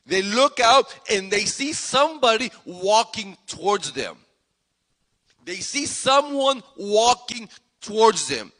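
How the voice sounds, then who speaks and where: A man preaching a sermon as pastor, animated and repetitive, acting out the speakers in the story. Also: sits high. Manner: animated preaching, repeats phrases, acts out voices. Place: church sanctuary. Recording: long hall reverb.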